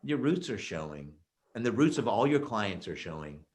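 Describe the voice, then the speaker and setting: Emphatic low-voiced male keynote speaker. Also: normal speed. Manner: energetic, emphatic storyteller with many fillers. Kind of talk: virtual keynote presentation.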